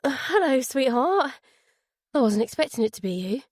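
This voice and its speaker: A woman's voice: a little high, animated, normal speed, no room sound, clean studio sound, pitched above the performer's own voice, natural voice. Woman reading a guilty father forcing cheer. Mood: strained. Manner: forced cheerfulness over guilt. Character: guilt-ridden young father, forcing lightness.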